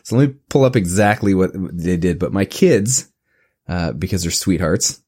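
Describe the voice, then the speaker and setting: A man's voice: sits low, lively intonation, normal speed, darkish tone, breathy edge. A man in his thirties co-hosting a podcast, telling a story with hesitant restarts and laughter in casual chat. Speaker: podcast co-host.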